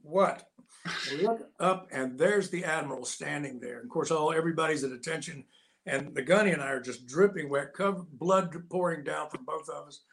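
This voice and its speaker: An older man spins a lively anecdote as a guest, and his voice sits a touch high for a man. He jumps into the voices of the people in his story as he goes. The talk is loose and conversational. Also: moderate pace. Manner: lively anecdotal, acts out quotes. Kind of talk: casual storytelling.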